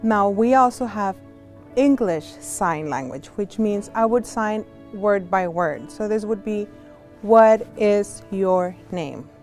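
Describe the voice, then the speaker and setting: A woman teaching a virtual class as a sign language interpreter, slow and clear, going through letters one by one and explaining with friendly examples and asides. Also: medium pitch, animated, soft background music. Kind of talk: casual instructional talk. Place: home, on a video call. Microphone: video call.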